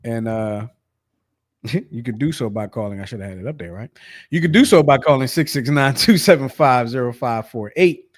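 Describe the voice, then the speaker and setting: A man's voice: medium pitch, expressive, normal speed. A man hosting a sports podcast in a loose, chatty way, with lots of fillers and restarts. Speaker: podcast host. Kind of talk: casual sports chat.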